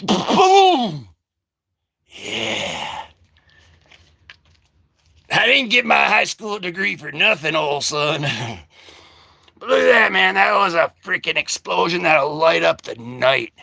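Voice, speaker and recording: A man hosting a casual comic-book vlog, rambling and joking with sudden shouted bursts. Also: a little high, sing-song, slow pace, creaky, long pauses.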